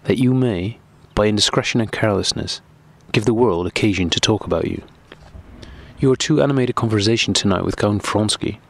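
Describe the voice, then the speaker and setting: A man reading a stiff middle-aged husband who lectures in cold, measured sentences, deep and slow to bend. the tone stays formal and deliberate throughout, like a storybook official. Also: gravelly. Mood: grave.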